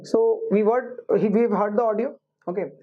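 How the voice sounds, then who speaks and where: A woman teaching IELTS listening, explaining slowly and restating her points. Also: mid-range voice. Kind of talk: recorded classroom lesson. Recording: muffled lo-fi recording.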